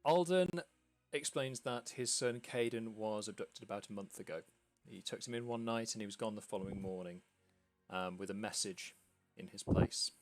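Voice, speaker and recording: A man's voice: on the low side, moderate pace, dry recording, faint music behind. A man from the UK narrating a tabletop game as game master, in a loose, rambling way with many fillers. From United Kingdom.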